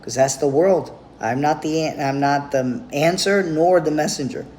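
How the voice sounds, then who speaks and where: A man's voice: fairly high pitch, normal speed, darkish tone, slight background noise. A man giving a blunt, profane, rambling monologue straight to camera as a vlogger.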